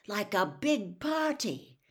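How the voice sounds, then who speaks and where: A woman voicing a suspicious middle-aged male Muggle campsite keeper who talks curtly and slowly. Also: mid-range voice, animated, pitched above the performer's own voice. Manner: blunt, curt, slow-spoken.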